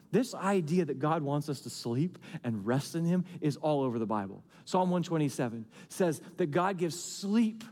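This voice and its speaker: Animated pastor preaching in a reverberant hall. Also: male voice, on the high side. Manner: animated, swinging between loud emphasis and quiet drawn-out lines. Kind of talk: sermon.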